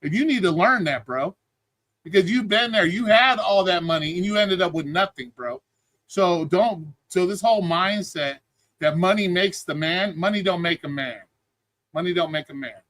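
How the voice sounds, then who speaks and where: A man's voice: sits high, normal speed, a bit bright, dry recording. A man hosting a live stream, arguing in a blunt, profane, lecturing way. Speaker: streaming show host. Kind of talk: heated livestream argument.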